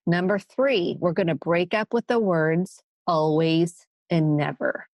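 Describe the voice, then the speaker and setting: A woman's voice: on the low side, unhurried, darkish tone, dry recording. A woman therapist hosting a solo podcast. She talks in an earnest, emphatic way and acts out quoted phrases.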